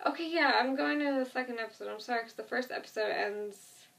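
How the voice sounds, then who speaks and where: A woman's voice: fairly high pitch, quick pace, gravelly, fairly bright tone, recorded from a distance. A young woman casually retelling a TV episode to a friend, rambling with lots of "like" and the odd swear word. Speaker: vlogger.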